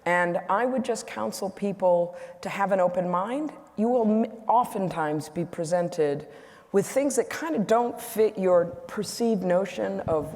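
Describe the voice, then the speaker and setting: A woman's voice: lowish voice, a little mellow. Candid woman in her 60s, echoey hall. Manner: candid, self-correcting, humorous storyteller. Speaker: guest speaker. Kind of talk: onstage conversation with anecdotes. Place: event hall.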